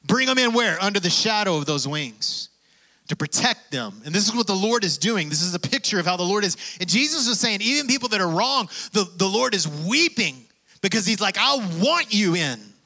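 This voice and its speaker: A man's voice: sits high, animated, fairly quick, bright, forceful tone. A man preaching a sermon, reading scripture and urging listeners on with emphatic bursts. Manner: preaching with rising emphatic bursts, calls of "come on". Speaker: pastor.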